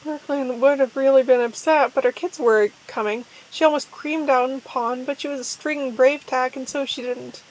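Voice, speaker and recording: Brief: woman, high-pitched, parody dramatic reader, mock-earnest with deliberate slips. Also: steady tone, lo-fi sound. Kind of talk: parody dramatic reading of a fan story.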